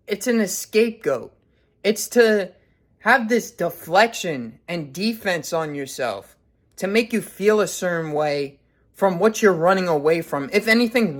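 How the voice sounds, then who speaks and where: A man's voice: high voice, lively intonation, a little slow. A man in his twenties giving a blunt, profanity-heavy motivational rant as a vlogger. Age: 20s. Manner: blunt, heavy swearing, intense.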